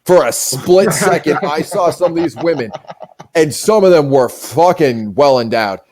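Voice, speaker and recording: A man's voice: on the high side, expressive, a little slow, a crowd in the background. A man hosting a live stream, rambling and joking with plenty of profanity in casual chat. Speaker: streamer and show host.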